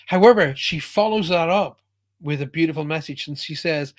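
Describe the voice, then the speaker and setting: A man's voice: a little high, normal speed. A middle-aged man giving an emphatic motivational talk as a spiritual speaker, often checking in with listeners.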